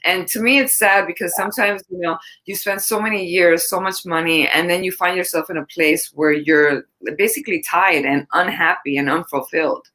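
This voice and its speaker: A woman's voice: lowish voice, steady tone, moderate pace, few pauses, bright, forceful tone. A woman hosting a casual interview, who encourages her guest and asks open questions. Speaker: host.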